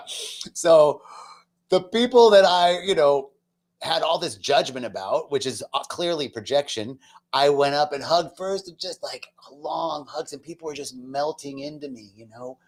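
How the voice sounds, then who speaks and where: A man telling a personal spiritual story to a group, emotional, slowing down for emphasis and sometimes dropping almost to a whisper. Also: fairly high pitch, creaky. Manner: emotional, slows down for emphasis, drops to a near whisper. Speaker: speaker at a retreat center.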